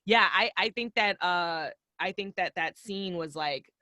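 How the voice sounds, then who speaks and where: A woman's voice: lowish voice, unhurried, pushed and bright, dry recording, clean studio sound. A woman hosting a casual podcast, rambling in slangy chat full of fillers. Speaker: podcast host.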